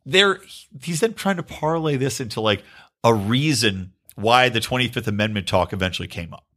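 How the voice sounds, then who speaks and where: A man's voice: medium pitch, lively intonation, normal speed, a bit bright. A man hosting a podcast, delivering a sarcastic, ranting political commentary monologue and swearing freely. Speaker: podcast host.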